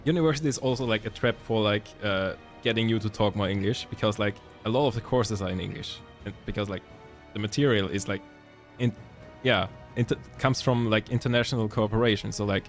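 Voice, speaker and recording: A man's voice: fairly low pitch, a little fast, soft background music. A young man from Germany with a German accent, chatting casually with stream viewers and rambling with many self-corrections. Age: young adult.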